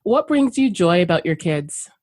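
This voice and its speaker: A woman's voice: on the low side, sing-song, normal speed, darkish tone. A woman hosting a podcast interview who reflects back and affirms her guest in a casual, conversational way. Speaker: podcast host.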